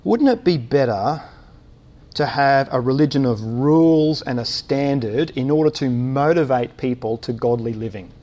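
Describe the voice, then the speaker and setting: A man's voice: mid-range voice, normal speed, warm tone. A man preaching a sermon in a church, thinking aloud with many uh's and restarts and posing rhetorical questions.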